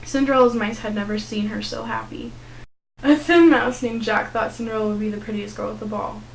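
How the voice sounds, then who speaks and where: A teenage young woman reading a children's storybook aloud in a steady, clear narrating voice. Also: a little high, fairly quick, slight background noise, rough recording. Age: teens. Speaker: student reader.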